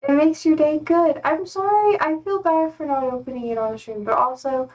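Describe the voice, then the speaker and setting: A young woman with a slightly high voice rambles through a casual live-stream chat, fighting back tears as she talks. She sits a little back from the microphone, so her voice comes across with some distance. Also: steady tone, moderate pace, a little mellow. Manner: rambling, emotional, close to tears. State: tearful, trying not to cry. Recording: speaking from a distance to the mic.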